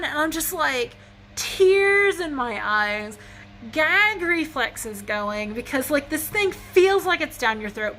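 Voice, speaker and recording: A woman's voice: high voice, pushed and bright. A woman telling a rambling, self-mocking story to her phone at home, slightly wheezy, with a fan humming behind. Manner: chatty, rambling, laughs at herself. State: a little wheezy. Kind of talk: casual storytelling vlog. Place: indoors at home with a fan running. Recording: faint fan hum behind.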